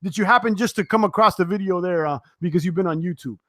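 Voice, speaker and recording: A man's voice: high voice, fast, pushed and bright, dry recording, clean studio sound. A young man hosting a live stream, chatting casually and reading out viewer comments, with many fillers and restarts as he tires. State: sweating, tiring. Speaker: crypto live-stream host.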